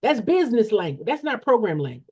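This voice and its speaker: A woman's voice: a little high, sing-song, quick pace, darkish tone, husky. A woman coaching an audience on nonprofit funding, blunt and preachy, who repeats her points and asks rhetorical questions in folksy, slangy talk. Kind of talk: emphatic motivational teaching. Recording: dull lo-fi sound.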